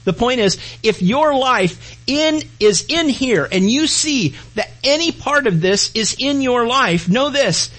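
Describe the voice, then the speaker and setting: A man preaching a sermon as pastor, swinging between loud and hushed delivery. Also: very high-pitched, animated, takes it slowly, hardly any pauses, poor audio.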